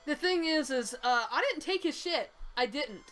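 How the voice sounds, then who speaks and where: A young woman with a Southern US accent tells a story in casual co-host chat, her voice pitched a little high. She rambles, talks bluntly and swears freely. Faint game music plays underneath. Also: lively intonation, moderate pace, fairly bright tone, rough recording.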